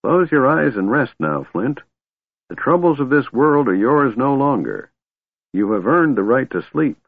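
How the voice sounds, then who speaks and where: A man voicing a gentle, kindly old male wizard who speaks softly, in a storybook reading. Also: medium pitch, sing-song, unhurried, gravelly, dry recording, pitched above the performer's own voice, exaggerated voice. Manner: soft, gentle. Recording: dry thin phone-like audio.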